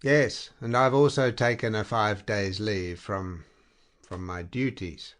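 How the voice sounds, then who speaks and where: A man voicing a capricious young woman in a spoken story, her speech halting and fluttering. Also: lowish voice, steady tone, fairly bright tone. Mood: insistent. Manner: halting, fluttering and slightly unsteady. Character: wistful, capricious young woman, lover of an officer.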